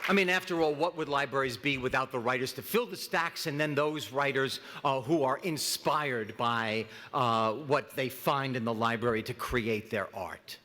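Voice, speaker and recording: A middle-aged man speaking as master of ceremonies at an awards event, joking with many halting restarts. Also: medium pitch, bright, forceful tone, slight background noise. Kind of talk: comic awards-ceremony emcee speech. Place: large hall at an awards ceremony. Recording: long reverb of a large hall.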